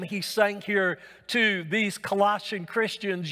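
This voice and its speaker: A male pastor preaching a sermon, unhurried and pausing often with "uh" between phrases, in a church sanctuary. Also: high voice, a bit bright. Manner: unhurried, with frequent "uh" pauses. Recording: long reverb of a church hall.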